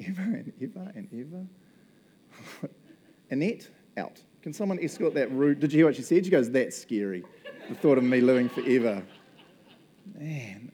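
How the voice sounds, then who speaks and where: A man's voice: on the high side, dark tone. A man with a New Zealand accent preaching a casual, conversational sermon, chatty and joking as he talks. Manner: chatty, joking, often laughing.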